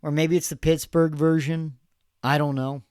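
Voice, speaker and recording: A man's voice: a little high, flat delivery, normal speed, a little mellow, smooth, no echo, clean studio sound. A man in his thirties hosting a podcast, giving rambling, sarcastic political commentary with laughs and restarts. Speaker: podcast host.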